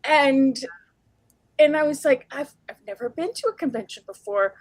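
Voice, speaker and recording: A woman on a convention panel telling a story in an unhurried, thoughtful way, pausing with ums. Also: high voice, lively intonation, dry recording.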